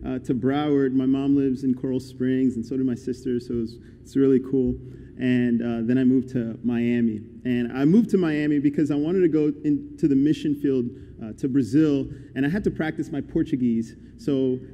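A man's voice: medium pitch, warm tone. A young man giving a guest sermon in a conversational, upbeat and encouraging way. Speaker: guest preacher. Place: church hall. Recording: echoey church hall.

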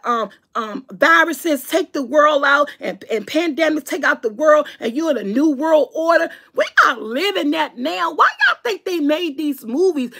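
A woman's voice: high voice, vocal fry, fairly bright tone. A woman talking earnestly and emotionally to camera from home, often repeating herself as she makes her point. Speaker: vlogger. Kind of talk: casual heartfelt talk to camera. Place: at home on a couch.

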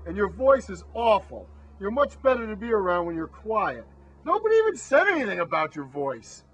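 A man playing a high-pitched exasperated peacemaker. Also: big pitch swings, moderate pace, a bit bright, slightly rough, full character voice. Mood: blunt. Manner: scolding, then soothing. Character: blunt, exasperated male peacemaker of the crew. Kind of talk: amateur comedy spoof acting.

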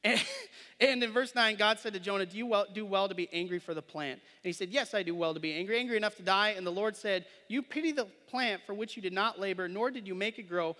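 Speaking a little fast in a high, pushed, bright voice, a man reads scripture during a sermon and then explains it in plain conversation. He often asks the congregation questions and says "right?", and the church sanctuary gives a long hall reverb.

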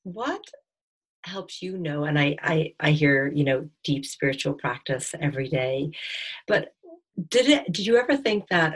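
A woman hosting a podcast interview who asks gentle questions, hesitating with many ums and restarts. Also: deep voice, animated, measured pace, slightly rough. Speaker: podcast host. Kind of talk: casual interview chat.

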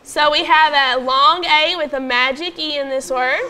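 A woman teaching a phonics lesson to young pupils in a classroom, patiently prompting them and sounding out words slowly. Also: high voice, fairly even intonation, sharp tone, slight background noise. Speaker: elementary school teacher.

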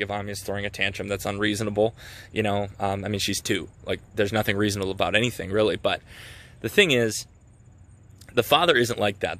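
A man's voice: lowish voice, pushed and bright. A young man talking casually in a devotional vlog, earnest and self-reflective, with lots of fillers and restarts. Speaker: Christian vlogger.

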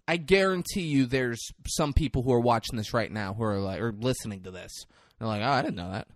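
A man's voice: mid-range voice, fairly quick, dry recording, clean studio sound. A man hosting a comedy podcast, ranting in a casual, profane, jokey way. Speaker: podcast host.

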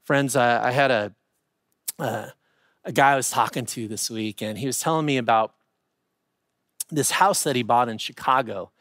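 A man's voice: mid-range voice, normal speed, pauses often, no echo, clean studio sound. A middle-aged man preaching a sermon as pastor, talking in a loose, conversational way and often restarting words. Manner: conversational and animated, with many repeated starts.

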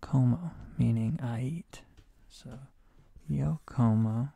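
A man in a whispered role-play as a Spanish teacher, soft and sleepy, slipping in deadpan jokes, hoarse from a sore throat. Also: mid-range voice, takes it slowly, dry recording. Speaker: streamer playing a Spanish teacher.

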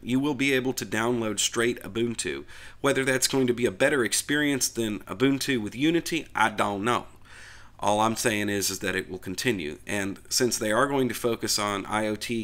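A middle-aged man hosting a Linux video channel, talking through a casual opinion rant with animated, frustrated asides and conversational fillers. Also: fairly low pitch.

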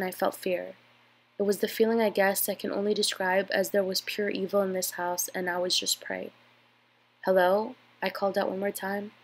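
A woman with a nasal, stuffed-up voice from a cold, reading a scary story aloud. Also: medium pitch.

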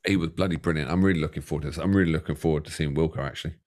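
A man's voice: rumbling low, steady tone, very fast, a little mellow. A man co-hosting a music reaction video, chatting casually, rambling and joking with the odd swear word. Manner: jokey, rambling, swears freely. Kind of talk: casual chat.

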